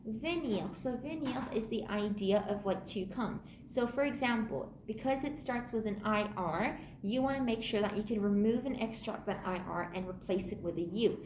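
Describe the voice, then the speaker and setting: A woman teaching a French grammar lesson, patiently repeating key points and slowing down to sound out the French words. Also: medium pitch, a little mellow, roomy sound, slight background noise. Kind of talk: online language lesson.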